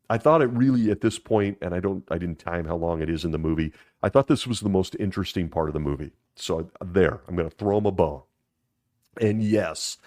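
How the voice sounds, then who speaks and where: A man's voice: lowish voice, darkish tone. A man hosting a commentary video, talking in a wry, sarcastic way and chuckling at his own jokes. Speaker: commentary channel host.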